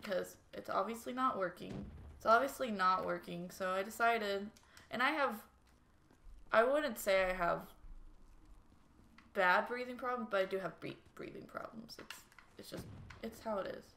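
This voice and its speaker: A woman's voice: medium pitch, normal speed, creaky. A young woman vlogger telling a personal story in a rambling, casual way, full of "like" fillers and swearing. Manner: rambling, filler-heavy, profane, animated retelling. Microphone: new desk microphone. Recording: faint background noise and clicks.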